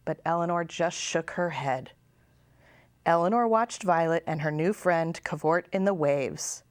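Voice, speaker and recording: A woman's voice: on the low side, unhurried, no room sound. A woman, a children's librarian, reading a picture book aloud at storytime. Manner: expressive, sing-song.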